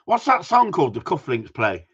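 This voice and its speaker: A man's voice: a little high, huge pitch swings, normal speed, slightly rough. A man hosting a live stream in a casual, jokey way, teasing viewers and reading their comments aloud. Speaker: host of a gundog group live stream. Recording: dull lo-fi sound.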